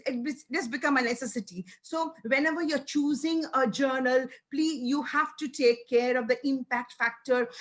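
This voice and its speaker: Higher-pitched woman lecturing, Indian English accent. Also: fairly bright tone. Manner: explanatory, many restarts and fillers. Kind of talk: academic lecture.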